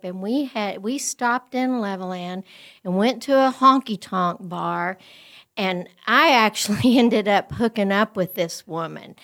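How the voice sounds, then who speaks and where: Sixties woman podcast co-host, relaxed slow delivery, storyteller who laughs a lot. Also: mid-range voice. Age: 60s. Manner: tells jokes with voiced characters, laughs often. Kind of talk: casual chat.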